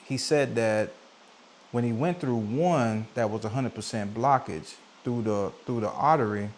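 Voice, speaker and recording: A man in his forties telling a personal story in a relaxed sit-down vlog, talking conversationally and getting animated when he acts out what people said. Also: medium pitch, a little slow, slight background noise. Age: 40s. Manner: conversational, animated when quoting himself and others. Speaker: vlogger. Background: soft coffeehouse music.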